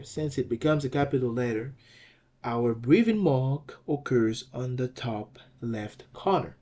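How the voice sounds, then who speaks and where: Man, teacher, slow patient explanation, asks "okay?" often, soft warm tone. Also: mid-range voice. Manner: patient, repeats points and checks with "okay?". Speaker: language teacher.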